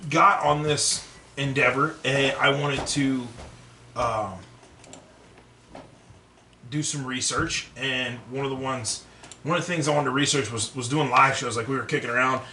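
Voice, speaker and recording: A man's voice: medium pitch, fairly even intonation, unhurried, pauses often, pushed and bright, distant mic. A man co-hosting a podcast in casual chat, rambling, swearing often and laughing mid-sentence. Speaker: podcast co-host. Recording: roomy echo, from the mic, faint noise.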